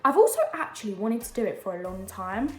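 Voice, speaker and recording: A woman's voice: medium pitch, expressive, fast talker, a bit bright, roomy sound. A young woman, chatting casually and rambling with lots of fillers while doing her makeup at home. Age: young adult. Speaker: beauty vlogger. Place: home during lockdown.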